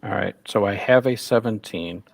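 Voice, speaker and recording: Low gravelly hesitant man. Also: moderate pace, no room sound. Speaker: player. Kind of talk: casual tabletop game chat.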